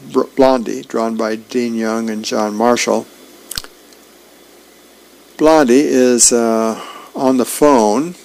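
A man who volunteers as a radio reader, reading comic strips and announcements aloud in a relaxed, plain way with fillers. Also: medium pitch, vocal fry, poor audio.

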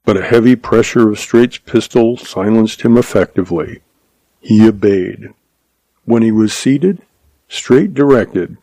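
Male audiobook narrator, low, gravelly, measured delivery, dry close read. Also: dark tone, no room sound. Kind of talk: scripted narration of a Western story.

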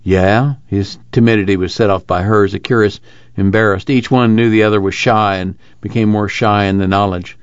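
A man narrating an audiobook with a steady, even delivery. The sound is dry and close to the mic, and the recording is dull and lo-fi. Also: fairly low pitch, brisk, smooth, no echo. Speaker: audiobook reader. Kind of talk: scripted narration.

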